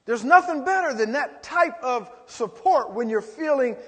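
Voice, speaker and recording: A man's voice: extremely high pitch, expressive, unhurried, fairly bright tone, big-room sound. A man preaching a sermon as pastor, rising into emphatic calls to the congregation.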